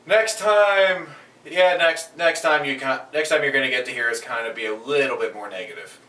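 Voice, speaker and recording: A man's voice: mid-range voice, normal speed, pushed and bright, reverberant, distant mic. A man co-hosting a casual chat, rambling and restarting his sentences. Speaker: co-host.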